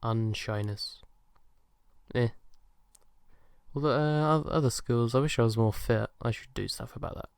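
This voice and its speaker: A man's voice: mid-range voice, unhurried, creaky, pauses often, smooth, dry recording, studio quality. A young man answering fan questions in a casual chat, hesitant and self-deprecating, with lots of ums and uhs. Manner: soft-spoken and shy.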